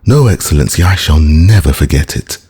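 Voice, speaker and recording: A man's voice: very deep voice, lively intonation, brisk, mellow, breathy edge, heavily acted. A man reading an audiobook, voicing a grateful young bandit messenger who speaks earnestly and deferentially.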